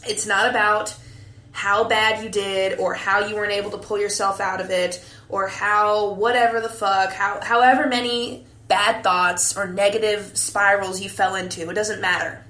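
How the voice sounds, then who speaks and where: Casting: young woman host, a few drinks in, loose and profane, mid-pitch voice in an echoey room. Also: moderate pace. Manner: candid, profane, animated storytelling with frequent "like". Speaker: podcast host. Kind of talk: casual monologue.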